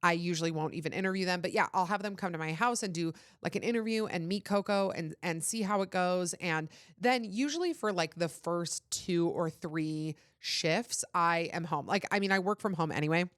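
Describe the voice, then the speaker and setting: A woman's voice: lowish voice, normal speed, hardly any pauses, fairly bright tone, dry recording, studio quality. A woman hosting a podcast, talking in a candid, rambling casual chat with lots of "like.". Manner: candid, rambling, heavy use of "like". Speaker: podcast host.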